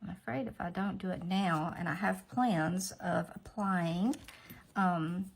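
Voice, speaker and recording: A woman's voice: lowish voice, a little slow, vocal fry, breathy edge. A woman chatting casually through a nail tutorial, rambling with asides to herself. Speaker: nail art vlogger.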